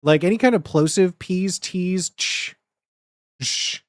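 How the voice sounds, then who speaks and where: A man's voice: high-pitched, slow pace, no echo, clean studio sound. A young man streaming, chatting casually with rambling, giggly, crude jokes.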